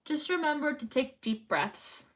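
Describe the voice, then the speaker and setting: A woman's voice: sits high, animated, a little slow. A young woman chatting casually on a livestream while sewing, rambling and reading chat messages aloud. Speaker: live streamer.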